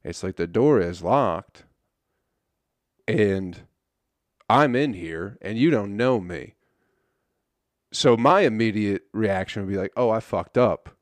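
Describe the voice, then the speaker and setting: A young man with a drawl talks through a story as a podcast host, relaxed and loose, swearing freely. His voice sits a bit low. The sound is dry and close, with no room around it. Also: slow pace, pauses often, dry recording. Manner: laid-back storytelling, swears often. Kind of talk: casual monologue.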